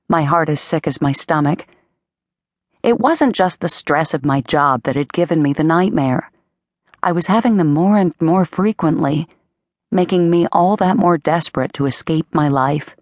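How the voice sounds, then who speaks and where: A woman narrating an audiobook in a measured, dramatic first-person storytelling manner, on a close studio mic. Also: low-pitched, dry recording. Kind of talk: scripted narration.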